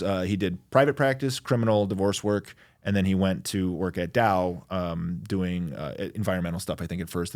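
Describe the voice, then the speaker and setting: Chatty forties lawyer guest, slightly low voice, rambling and self-mocking. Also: male voice, darkish tone. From Michigan, USA. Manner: chatty, self-deprecating, lots of fillers. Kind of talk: casual interview chat.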